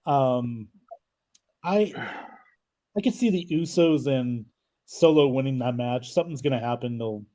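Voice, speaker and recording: A man's voice: medium pitch, normal speed, pauses often, dark tone. A man hosting a casual wrestling chat, rambling and hesitant, often trailing off mid-thought. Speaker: podcast host.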